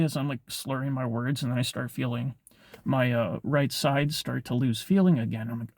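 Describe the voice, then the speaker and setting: A man's voice: medium pitch, moderate pace, vocal fry, darkish tone, dry recording. A young man casually telling a personal story on his vlog, rambling, with lots of filler words and swearing. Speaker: vlogger.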